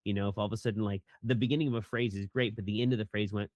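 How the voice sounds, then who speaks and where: A man's voice: fairly low pitch, steady tone, racing, darkish tone, no room sound. A man, a voice director and actor, answering interview questions in a rambling, casual way with many fillers. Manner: rambling, many fillers, acts out line readings.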